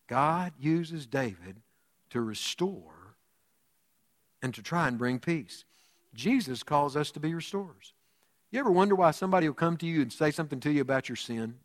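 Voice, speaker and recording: A man preaching a sermon as pastor, telling stories with big swings from loud to hushed. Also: a little high, normal speed, long pauses, in a large hall. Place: church sanctuary.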